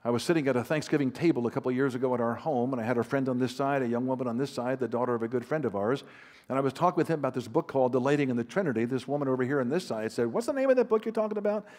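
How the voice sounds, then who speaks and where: A man gives an anecdotal teaching talk to a large audience in a hall. He speaks conversationally, with some fillers and restarts. He leans on personal stories and gentle self-deprecating humor. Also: mid-range voice, fairly even intonation, rapid-fire. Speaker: Christian author and counselor speaking at a conference.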